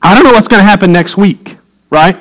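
A man's voice: sits high, brisk, fairly bright tone, rough recording. A middle-aged man, preaching a sermon as pastor in a folksy way, with joking asides to the congregation.

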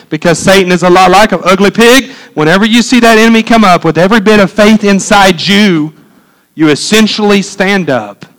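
A man delivers a sermon built around a personal story. His voice sits high for a man, and he talks in an animated, emphatic way that swells on the dramatic beats. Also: poor audio. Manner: animated, emphatic, exclaims sound effects. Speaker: pastor.

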